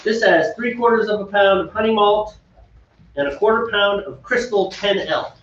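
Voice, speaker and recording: A man's voice: sits high, moderate pace, background noise. A middle-aged man co-hosting a homebrew show, chatting casually and rambling with frequent laughs. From United States. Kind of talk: casual chat. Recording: echoey room, mic far off, dull.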